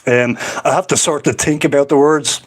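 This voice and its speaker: A man's voice: on the high side, steady tone, normal speed. Chatty, rambling Irish man. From Ireland. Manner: rambling, chatty, laughs often. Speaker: livestream host. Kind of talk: casual livestream chat, reading comments.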